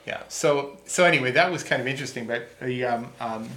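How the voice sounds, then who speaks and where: A man's voice: mid-range voice, a little fast, fairly bright tone, a little hiss or hum. Rambling man chatting in an echoey room. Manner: rambling, self-interrupting, chuckles often. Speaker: podcast co-host. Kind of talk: casual chat.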